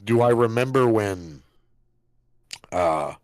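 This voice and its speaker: A man's voice: fairly low pitch, expressive, slow pace, dry recording. A man in his forties co-hosting a podcast, a father who talks bluntly and swears when exasperated. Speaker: podcast co-host. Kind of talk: casual chat.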